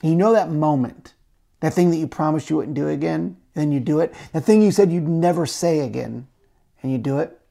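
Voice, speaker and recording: Male pastor, gravelly edge, chatty animated sermon delivery. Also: fairly high pitch, a little fast. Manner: conversational, animated storytelling with asides. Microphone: camera-recorded talk.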